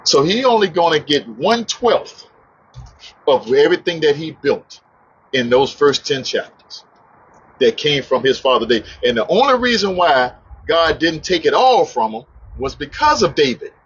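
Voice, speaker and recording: Male preacher, eager Bible teacher, slightly high voice, dull recording. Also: husky. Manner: animated, stumbles over names, quick to laugh at himself.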